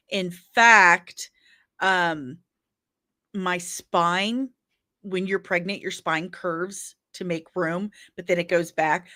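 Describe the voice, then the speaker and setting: A woman's voice: on the low side, sharp tone, no room sound, studio quality. A woman chatting casually and candidly on a livestream, rambling, laughing often and apologizing in asides.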